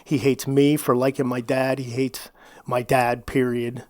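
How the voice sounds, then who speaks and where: A middle-aged man tells his life story in a candid interview. He talks in an animated way, restarting phrases and acting out quoted lines, at a middle pitch. The sound is dry and close to the mic. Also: unhurried, no echo. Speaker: podcast guest.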